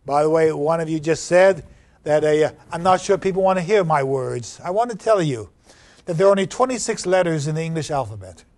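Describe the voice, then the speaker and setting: A man giving a university lecture on poetry, reading verse aloud slowly and building emphasis on repeated words. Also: on the high side, expressive, a little mellow. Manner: slow, deliberate, reads verse aloud with rising emphasis. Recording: 2009 classroom lecture recording.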